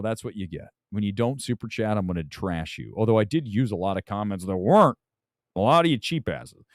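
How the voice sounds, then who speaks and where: A man hosting a casual movie talk livestream, loud, profane and rambling. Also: mid-range voice, dry recording, clean studio sound. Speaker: movie talk show host.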